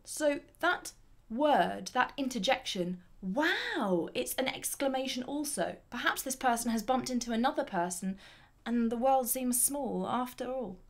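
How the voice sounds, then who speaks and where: A woman teaching a grammar lesson, explaining clearly and deliberately and reading example sentences with lively emphasis. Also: a little high.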